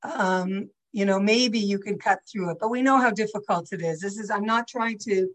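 An older woman teaches a class over a video call, her mid-range voice at a moderate pace. She talks casually in a chatty, rambling way with many asides, and the audio is poor.

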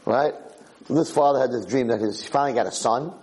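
A man's voice: medium pitch, fast, darkish tone, breathy edge, poor audio. A tired man teaching an informal Torah class, telling a joke in a chatty, storytelling way. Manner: chatty storyteller, acts out the characters. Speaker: rabbi giving a Torah class.

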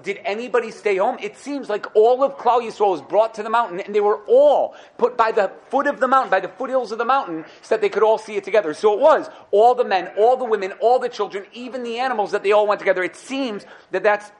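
A young man giving a lively Torah class. He acts out the people he quotes and thinks out loud as he goes. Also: fast talker, few pauses. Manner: animated, acts out quoted speakers with rising pitch; thinks aloud, repeats and restarts. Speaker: Torah teacher.

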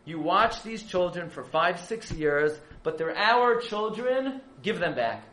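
A man's voice: high-pitched, big pitch swings, slow, a bit bright, echoey room, voice pushed up, heavily acted, poor audio. A man speaking as an elderly chief rabbi, grieving but defiant, pleading and rising to impassioned outcries.

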